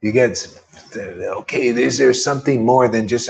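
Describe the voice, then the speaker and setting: A man's voice: on the low side, animated, normal speed, gravelly, a little mellow, lo-fi sound. A man preaching in a loose, informal way, fervent and rambling, peppering his talk with slang and mocking voices. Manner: mocks others in put-on quoted voices. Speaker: spiritual teacher.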